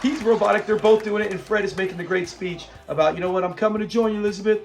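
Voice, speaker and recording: A man's voice: high-pitched, steady tone, rapid-fire, gravelly, soft background music. A middle-aged man casually reviewing a sitcom episode, retelling scenes with laughter. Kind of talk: casual commentary.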